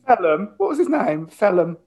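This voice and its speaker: A man's voice: high voice, big pitch swings, moderate pace, darkish tone. A man co-hosting a casual chat, easygoing and asking short questions with lots of tag questions. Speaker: podcast co-host.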